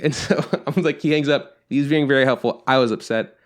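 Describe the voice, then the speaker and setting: A man's voice: medium pitch, fast talker. A man co-hosting a podcast, telling a story in casual chat, acting out both sides of a phone call and swearing often. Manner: frequent swearing, exasperated. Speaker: podcast co-host.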